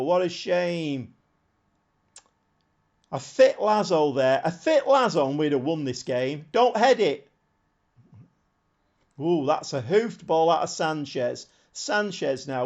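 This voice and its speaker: A man streaming a football management game, commenting live on the match and shouting at the screen when it gets exciting. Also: high-pitched, unhurried. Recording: slightly dull lo-fi sound.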